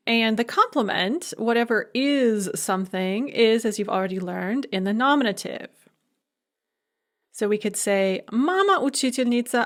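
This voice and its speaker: A woman professor giving a recorded video lecture, explaining clearly and slowing down for her example phrases. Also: medium pitch. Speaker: language professor.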